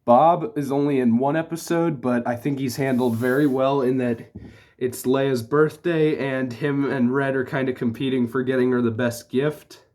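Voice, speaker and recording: A man's voice: mid-range voice, steady tone, normal speed, a little mellow. A man talking casually as a TV reviewer, rambling with frequent "like" and restarts. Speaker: TV show reviewer.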